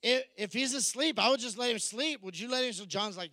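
High-voiced animated male preacher. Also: a little fast, dry recording. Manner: animated storytelling, acting out the disciples' voices. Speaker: pastor. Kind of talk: sermon.

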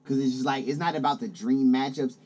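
A man's voice: medium pitch, fast, a little mellow, breathy edge. A man chatting casually about wrestling, laid-back and swearing, repeating his points.

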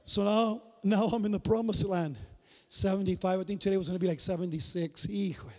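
High-pitched guy preaching, acts out the dialogue, lots of hall reverb. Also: fairly quick. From Mexican-American migrant family. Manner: animated, acts out dialogue, shouts for emphasis. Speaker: pastor. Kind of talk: sermon with storytelling. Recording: long reverb of a large hall.

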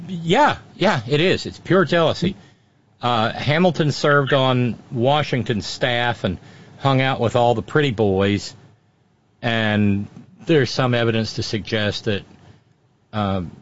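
A man's voice: mid-range voice, slow, highs cut off. A man giving wry, storytelling commentary as a regular on a radio talk show, often restarting his sentences.

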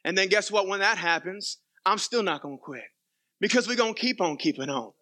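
Young male pastor, bright high voice, animated sermon delivery with quiet asides. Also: brisk. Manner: animated preaching, swings from quiet asides to loud emphatic peaks.

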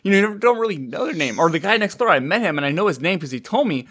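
A man's voice: sits high, very animated, rapid-fire, a bit bright, slightly rough. A man chatting casually, telling everyday stories and sometimes putting on voices for other people. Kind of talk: casual chat.

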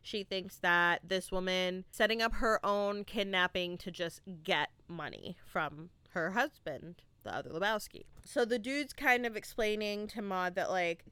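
A woman hosting a casual movie review podcast, chatty and animated, peppering her talk with "like" and swearing freely. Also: mid-range voice, unhurried, few pauses, clear, resonant tone, dry recording. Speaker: podcast host.

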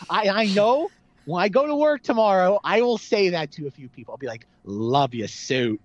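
A man's voice: high voice, expressive, brisk, highs cut off, slight background noise. A man co-hosting a casual movie podcast, talking animatedly and acting out quoted lines. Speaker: podcast co-host.

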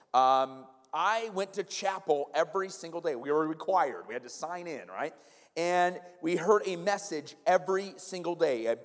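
Brief: male pastor, 40s, fairly high voice, lively conversational sermon, long hall reverb. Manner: animated, conversational, addresses the congregation directly.

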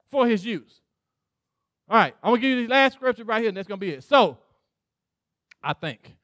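Male pastor, sermon delivery, very high voice, dry close sound. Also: fairly bright tone, no room sound. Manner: preaching with call-outs, acting out God's voice, laughing.

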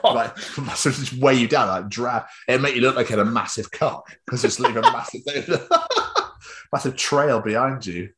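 A man's voice: medium pitch, big pitch swings, a little slow, noisy background. A British man hosting a podcast, bantering casually, swearing and joking between laughs. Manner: sweary, jokey, laughs often. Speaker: podcast host.

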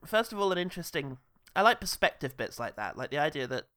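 Bright lively man, laughing. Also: fairly high pitch, fast, smooth. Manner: laughs often, swears freely, jokey. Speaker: podcast co-host reviewing a film. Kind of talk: casual chat.

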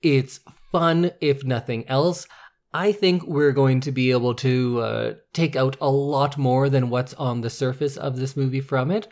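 A man hosting a casual podcast, talking in a relaxed, informative way. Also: mid-range voice, a little slow. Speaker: podcast host.

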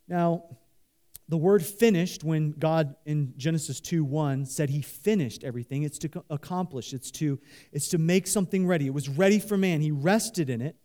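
A man preaching a sermon with a high yet mellow, darkly colored voice. He is animated and leads the congregation in call-and-response, rambling with fillers and restarts as he works through his points. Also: normal speed. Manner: talks loosely with many fillers and restarts. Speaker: pastor.

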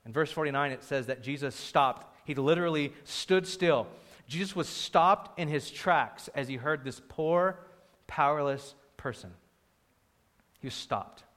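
A young man preaching a sermon in an animated way, acting out the crowd's voices and raising his voice for emphasis. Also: a little high, measured pace. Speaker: pastor.

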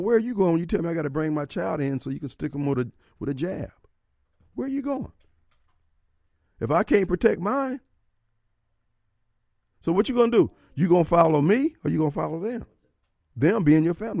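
A man's voice: a little high, big pitch swings, brisk, creaky, long pauses, a little mellow, no room sound, clean studio sound. A man hosting a radio talk show, preaching his opinions and firing off rhetorical questions. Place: radio studio. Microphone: studio microphone.

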